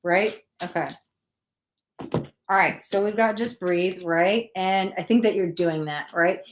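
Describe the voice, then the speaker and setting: A woman's voice: fairly low pitch, measured pace, slight background noise. A woman hosting a live psychic tarot reading, chatting with viewers and talking through the cards as she pulls them. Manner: chatty, animated, acts out quoted voices. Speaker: tarot reader.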